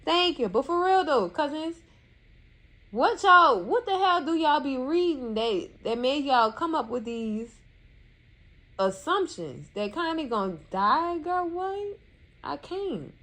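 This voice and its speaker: A woman giving casual TV recap commentary in a sassy, animated way, scolding the characters and calling her viewers cousins. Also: high-pitched, slow pace. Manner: colloquial, addresses viewers as cousins.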